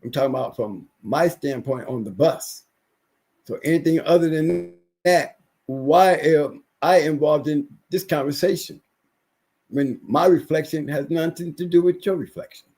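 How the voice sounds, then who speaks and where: A man with a notably high voice holds forth on a livestream. He rants emphatically, often circling back and repeating his points. He has been unwell lately. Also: a little slow, a little mellow. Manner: ranting, repetitive, emphatic. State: recovering from illness. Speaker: livestream guest. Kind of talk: casual livestream rant.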